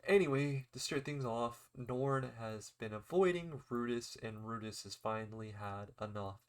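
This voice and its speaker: A man's voice: medium pitch, moderate pace. A young man casually recapping an anime episode, rambling with lots of fillers and acting out the characters' lines. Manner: rambling, filler-heavy retelling with acted-out quotes.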